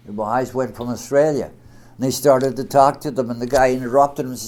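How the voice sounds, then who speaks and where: A man delivers a religious talk in an emphatic, lively way. His voice is mid-pitched and he swings from loud to soft. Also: a little fast. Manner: emphatic, sweeping swings in loudness. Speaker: speaker.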